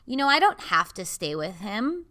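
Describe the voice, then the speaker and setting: Young mom vlogger, bright and crisp voice, earnest and confiding. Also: female voice, medium pitch, big pitch swings, normal speed. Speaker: mother and vlogger. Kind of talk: candid personal vlog talk.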